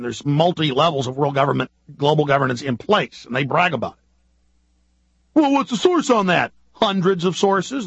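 A man hosting a radio talk show, delivering an urgent, ranting political monologue full of rapid-fire rhetorical questions. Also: fairly high pitch, vocal fry, breathy edge, no echo, dull audio. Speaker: radio host.

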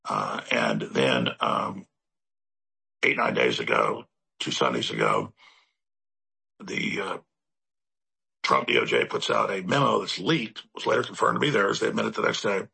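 A deep-voiced man with a heavily gravelly, raspy rasp rants through a political commentary monologue. His delivery is rambling and emphatic, stacking repeated words, and his pitch swings widely. The tone cuts bright and forceful despite the grit. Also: expressive, a little slow, long pauses. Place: studio in Central Texas.

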